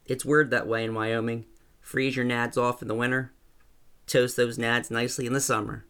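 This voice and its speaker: A man voicing a blunt, joking older rancher who talks in a gruff, plainspoken way. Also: medium pitch, little pitch movement, moderate pace, sharp tone. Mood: folksy.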